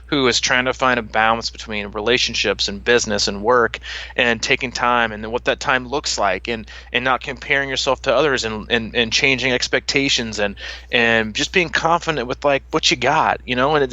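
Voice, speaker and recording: Casual male podcast host, 30s, bright and animated, dry lo-fi mic. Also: mid-range voice, moderate pace, no room sound. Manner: animated, laughing, lots of "like" fillers. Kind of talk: casual chat.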